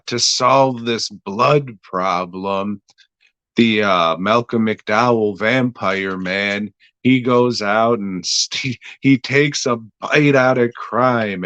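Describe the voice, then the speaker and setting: A man's voice: on the low side, fairly bright tone, clean tone, no echo, muffled recording. A man reviewing a horror episode in casual, rambling podcast talk, crude and offhand.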